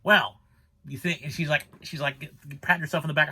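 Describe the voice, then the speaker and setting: Fast-talking exasperated man ranting about a movie. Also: a little high, sing-song, sharp tone, husky. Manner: rambling, exasperated ranting with many restarts. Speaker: movie reviewer. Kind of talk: casual spoken movie review.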